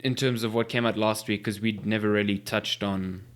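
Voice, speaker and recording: A young man co-hosting a gaming chat show in a relaxed, easygoing way. His humour is dry and offhand, and he swears casually while going over news. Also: on the low side, normal speed. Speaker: podcast co-host.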